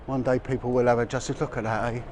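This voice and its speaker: A man's voice: mid-range voice, flat delivery, quick pace, darkish tone. A middle-aged man, chatting and rambling as he walks through busy city streets for a livestream, with lots of restarts and fillers. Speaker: vlogger. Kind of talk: walking livestream commentary. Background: passers-by and street noise.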